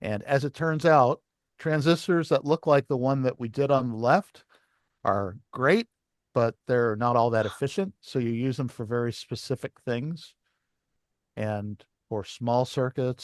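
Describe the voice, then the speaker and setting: A man's voice: mid-range voice, no room sound, studio quality. A man teaching a licensing class, explaining step by step at a whiteboard and asking the students questions.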